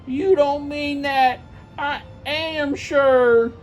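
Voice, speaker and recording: A man voicing a cheerful, eager young man in a comedic storybook reading, with a bright, pleading manner. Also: very high-pitched, steady tone, very slow, soft background music, pitched above the performer's own voice, heavily acted.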